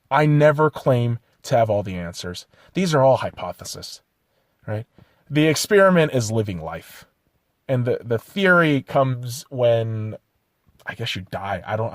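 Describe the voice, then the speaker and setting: Profane, lively-pitched man ranting on a podcast. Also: dry recording, clean studio sound. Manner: profane, self-critical ranting with pep-talk asides. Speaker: podcast host. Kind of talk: solo podcast rant.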